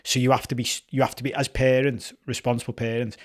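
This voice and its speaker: A man in his forties with a Liverpool accent co-hosting a podcast, telling stories in a lively, sweary way. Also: mid-range voice, fast. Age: 40s. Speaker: podcast co-host. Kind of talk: casual chat.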